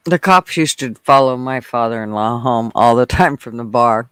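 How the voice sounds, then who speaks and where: A man with a bright, crisp voice chimes in with short, wry remarks as a podcast co-host. His voice sits a little high, and the sound is dry. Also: normal speed, no echo. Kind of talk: casual chat.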